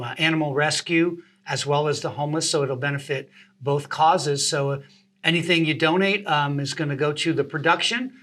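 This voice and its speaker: A man, an impressionist and radio host, animatedly telling show-business anecdotes in a casual interview. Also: on the high side. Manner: animated, laughs through stories.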